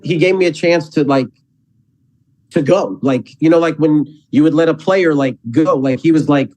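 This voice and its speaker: A man who works as an athletic director, a guest on a casual podcast, talking in halting runs and repeating words as he thinks. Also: a little high, a little mellow, low-quality recording.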